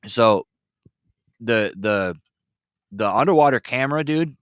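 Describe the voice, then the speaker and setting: A man hosting a casual podcast, rambling with lots of fillers and telling excitable stories. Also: medium pitch, measured pace. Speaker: podcast host. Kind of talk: casual chat. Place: ice fishing shanty.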